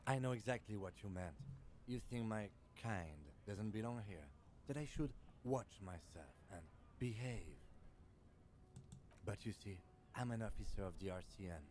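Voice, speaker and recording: A man's voice: lowish voice, expressive, darkish tone, a little hiss or hum. A man doing a stern, composed police lieutenant. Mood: cold. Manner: measured, formal and composed.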